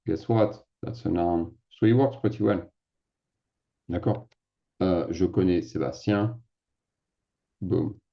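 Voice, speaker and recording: A man's voice: low voice, gravelly, highs cut off. A man with a French accent, a native French speaker, explaining grammar as a teacher in a casual classroom way, often checking in with "d'accord?". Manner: sprinkles French fillers, asks "d'accord?" often.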